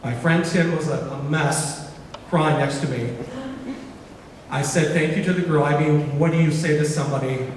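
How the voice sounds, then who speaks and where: A man giving a keynote speech, telling a story and acting out its dialogue in an animated way in a large auditorium. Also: a little high, moderate pace, a little hiss or hum. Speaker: keynote speaker. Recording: echoey hall recorded from far off.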